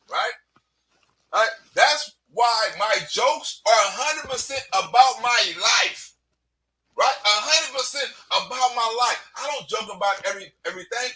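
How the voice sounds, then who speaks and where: A man with a very high, piercing voice delivers a heated, unscripted rant to his channel's viewers. He often shouts, swears freely and keeps firing a tag question at the listener. He sits some distance back from the mic. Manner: profane and blunt. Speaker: comedian and YouTuber. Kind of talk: preachy unscripted rant to camera.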